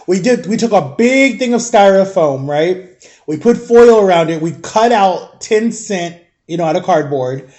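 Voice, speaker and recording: This young adult man vlogs a rambling personal story in a casual, chatty way, peppering it with "like" and "guys." His voice sits high and sounds darkish, animated yet measured in pace.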